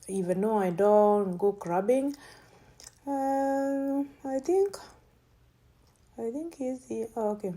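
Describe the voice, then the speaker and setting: A woman's voice: a little high, dark tone. A woman vlogger giving casual running commentary, thinking aloud and often breaking into exclamations of delight.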